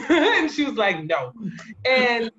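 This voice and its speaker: Woman in her 30s telling her story in an interview, lively, acts out quotes, kinda muffled lo-fi sound. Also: on the low side, measured pace. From New Jersey. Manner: animated storytelling with laughs and acted-out quotes. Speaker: guest. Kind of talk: conversational interview. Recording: muffled lo-fi audio.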